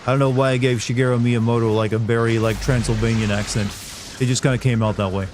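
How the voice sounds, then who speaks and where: A man's voice: medium pitch, fairly even intonation, quick pace, background noise. A man streaming a video game, giving sarcastic, rambling casual commentary. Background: game sounds.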